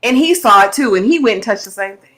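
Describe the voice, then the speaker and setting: A bright, forceful woman co-hosts a casual TV recap. She talks in an animated, exclamatory way and often slips into short acted-out lines from the characters. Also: a little high, fast. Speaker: TV review show co-host.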